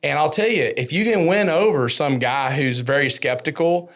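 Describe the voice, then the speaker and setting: A man hosting a business podcast, telling stories in a casual, animated way and acting out what people said. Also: normal speed. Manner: animated storyteller, acts out quotes with rising pitch. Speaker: podcast host.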